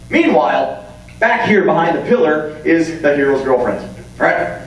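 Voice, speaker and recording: A man in his thirties giving a comic, animated talk on writing as a convention panelist, acting out scenes as he goes. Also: a little high, moderate pace, gravelly. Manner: animated, jokey, acts out scenes. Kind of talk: comedic lecture. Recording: echoey hall, distant mic, hum.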